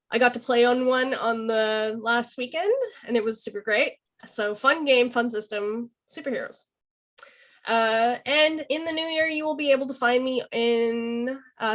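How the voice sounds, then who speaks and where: A woman player introduces herself in a chatty, casual way, her voice a little sick. She sits somewhat high in pitch. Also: fairly bright tone. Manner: chatty, laughing asides.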